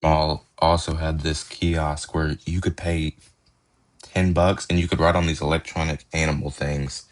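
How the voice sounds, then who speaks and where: A man's voice: a bass voice, little pitch movement, a little slow. A young man hosting a podcast, telling stories in a laid-back, slangy way and laughing as he goes. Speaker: podcast host. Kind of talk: casual storytelling.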